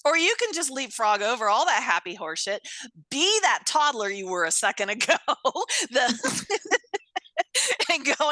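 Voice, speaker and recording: Woman, interview guest, lively pitch, bright tone, laughs a lot, swears casually. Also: a little slow, no echo, rough recording. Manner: animated, laughs often, salty language.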